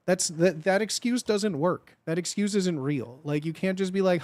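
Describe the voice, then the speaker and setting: A man's voice: sits high, moderate pace, hardly any pauses, a little mellow, dry recording. A man in his thirties chatting casually on a livestream, blunt and profane, and laughing often.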